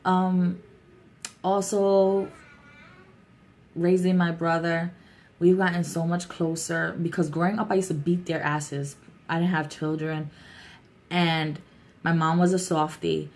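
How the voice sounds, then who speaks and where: A young adult woman talking candidly and warmly to her vlog viewers, with a chatty, heartfelt manner. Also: fairly low pitch, flat delivery, slow, long pauses. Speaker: YouTuber. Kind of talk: casual vlog talk.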